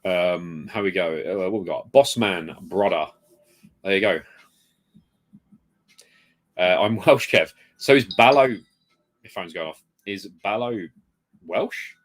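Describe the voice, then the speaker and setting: A man's voice: sits low, takes it slowly, pauses often, a bit bright. A man chatting casually on a live stream at home, rambling and greeting viewers by reading out their comments. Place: home room full of retro games. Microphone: desk mic moved close.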